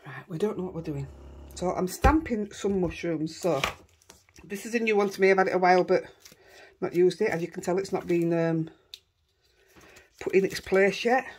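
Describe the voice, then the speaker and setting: A woman's voice: on the low side, a little slow, long pauses, background noise. A middle-aged woman with a Yorkshire accent chatting casually as she crafts at home, thinking aloud and poking fun at herself. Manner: rambling, self-deprecating, thinking aloud. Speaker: craft vlogger.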